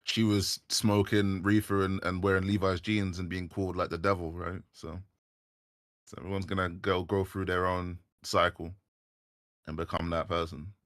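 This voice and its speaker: British male guest, low voice, dry mic, chatty and quick to laugh. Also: no room sound. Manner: laughs often, animated banter. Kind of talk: casual live stream chat.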